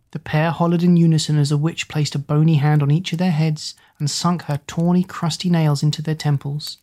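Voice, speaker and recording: A woman reading a fantasy story aloud as a narrator, measured and steady. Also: low voice. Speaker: audiobook narrator.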